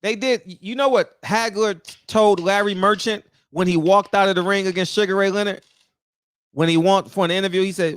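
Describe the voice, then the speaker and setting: Man, high-pitched, animated preachy rant, dry close mic. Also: brisk, clear, resonant tone, no room sound. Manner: animated, preachy, talks straight to the viewers. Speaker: boxing commentator. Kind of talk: casual opinion rant.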